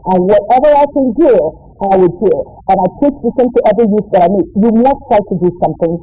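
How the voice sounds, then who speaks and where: A woman's voice: medium pitch, animated, fast talker. Emphatic woman on tinny radio. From Nigeria. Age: young adult. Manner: emphatic, preachy, repeats lines for stress. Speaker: guest, motivational speaker. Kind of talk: impassioned interview talk. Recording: distant, tinny phone-like radio sound.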